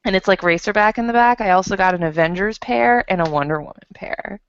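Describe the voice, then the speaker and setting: A woman's voice: medium pitch, fast, clean tone. A woman chatting playfully on a video call from her laptop, joking at her own expense. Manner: playful, self-deprecating. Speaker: panelist. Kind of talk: casual chat. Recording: dull lo-fi online call.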